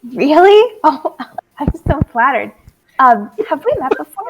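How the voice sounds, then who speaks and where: A woman voicing an overly courteous, flattering female adventurer in a tabletop game. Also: fairly high pitch, slow, background noise. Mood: flattered.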